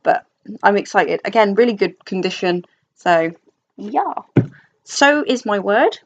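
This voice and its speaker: Young woman, book vlogger, casual chat, self-deprecating, lots of fillers, mid-pitched, slightly muffled sound. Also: expressive, a little slow. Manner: chatty, self-deprecating, many fillers and restarts. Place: dim room at home.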